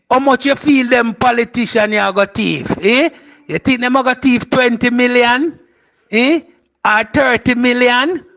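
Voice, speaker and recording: High-voiced Jamaican man challenging people. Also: a bit bright.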